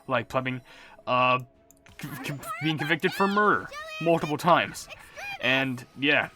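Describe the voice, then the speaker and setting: A man casually reading out viewer comments as a gaming YouTuber, rambling and self-mocking, relaxed as if he just woke up. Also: mid-range voice, a little slow. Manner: rambling, self-mocking, swaps swear words for silly substitutes; relaxed and laid-back.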